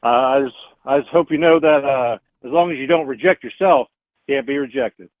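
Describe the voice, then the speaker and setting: A man's voice: medium pitch, brisk, dry recording, close to an everyday voice. A man putting on a drawling, fatherly caller in the style of a famous rock-and-roll singer who keeps calling the host little buddy. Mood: soothing. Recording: tinny phone line.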